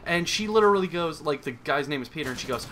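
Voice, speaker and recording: Young guy ranting about a bad movie over gameplay, bright sharp voice, crude and sarcastic, faint hiss behind. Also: fairly high pitch, expressive, fast talker. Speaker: gaming commentator. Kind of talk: comedic gameplay commentary rant.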